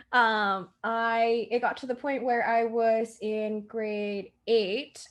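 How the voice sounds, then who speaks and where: A young woman from Canada chatting casually on a livestream, telling stories animatedly and acting out the voices of people she quotes. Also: medium pitch. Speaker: guest, streamer's best friend.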